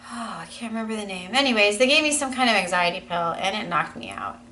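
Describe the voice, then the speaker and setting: A woman's voice: mid-range voice, sing-song, fast, sharp tone, poor audio. A woman in her thirties talking to camera in a casual personal vlog, earnest and rambling, with many "you know" fillers. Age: 30s. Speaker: vlogger.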